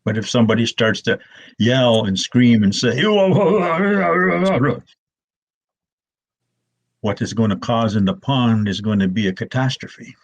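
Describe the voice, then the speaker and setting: An older man, an elder telling stories in a gentle, slow way, often restarting his words, with a husky voice. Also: on the low side, steady tone. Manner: soft, slow and repetitive, with many restarts. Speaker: elder storyteller. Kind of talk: gentle storytelling talk.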